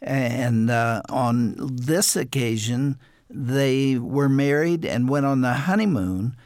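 A man's voice: mid-range voice, slow, a little mellow, no echo, studio quality. A man hosting a broadcast interview, responding conversationally. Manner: conversational, brief affirmations. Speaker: broadcast host.

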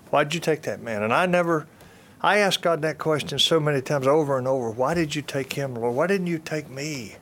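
A man's voice: mid-range voice, a bit bright. An older man telling a personal testimony in an earnest storytelling way, repeating phrases and restarting sentences. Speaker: speaker giving a testimony.

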